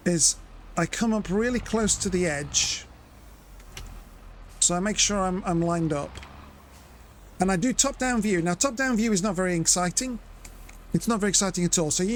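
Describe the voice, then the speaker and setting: A man's voice: high-pitched, a little hiss or hum. A man giving chatty live commentary as he plays and explains his method step by step. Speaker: streamer.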